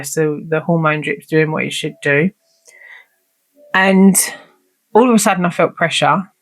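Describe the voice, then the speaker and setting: A woman's voice: deep voice, steady tone, moderate pace, pauses often. A woman hosting her own show, telling a personal story in a candid, rambling way and swearing freely. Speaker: podcast host.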